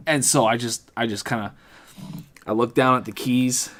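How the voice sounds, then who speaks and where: A man's voice: medium pitch, fairly even intonation, measured pace, fairly bright tone. A man, a podcast guest, telling a rambling, profane story in casual chat, often correcting himself as he goes. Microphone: studio mic.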